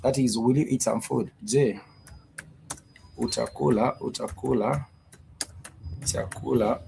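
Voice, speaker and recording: A man teaching a live-streamed Swahili grammar lesson, explaining slowly and repeating himself with many fillers and restarts. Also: mid-range voice, gravelly, noisy background.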